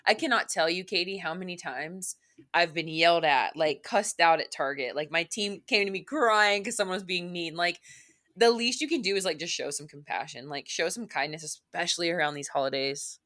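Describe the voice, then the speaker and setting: A woman's voice: on the low side, moderate pace, a bit bright. A young woman co-hosting a podcast, ranting candidly in casual chat, full of "like" and swearing. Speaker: podcast co-host.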